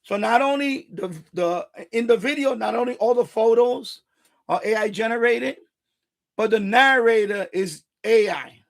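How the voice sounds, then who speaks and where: A man from Puerto Rico hosting a casual live stream chat, animated and profane, stumbling over restarts as he talks. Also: extremely high pitch, unhurried, gravelly.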